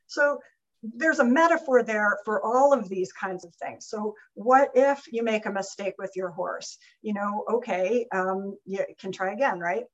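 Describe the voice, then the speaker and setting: A woman guest on a webinar, telling an animated, lively anecdote. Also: mid-range voice, unhurried, muffled recording. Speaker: guest speaker. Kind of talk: webinar storytelling.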